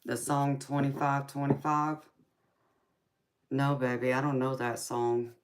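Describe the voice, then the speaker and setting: Speaking a little slowly in a flat bass voice, a woman with a thick Southern accent chats with her live-stream viewers during tarot readings. She calls them darling and baby and frequently laughs between comments.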